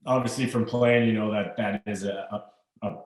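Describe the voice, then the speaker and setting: A man's voice: fairly low pitch, fairly even intonation, roomy sound, far from the mic, low-quality recording. A man in his thirties, a hockey player guest, chatting easily with lots of fillers and restarts. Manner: easygoing, halting with fillers and restarts. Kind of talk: casual interview chat.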